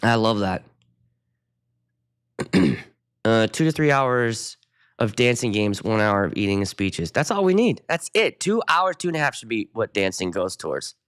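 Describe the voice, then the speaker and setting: Profane, animated ranting man. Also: fairly low pitch, moderate pace, smooth. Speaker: wedding DJ and show host. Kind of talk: casual ranting livestream chat.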